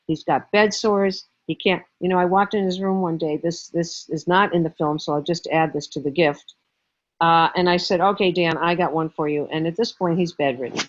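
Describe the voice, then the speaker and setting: Emphatic woman with low, dry voice. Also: no echo, lo-fi sound. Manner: emphatic, acts out stories in character. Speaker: guest, writing teacher. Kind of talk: animated interview talk.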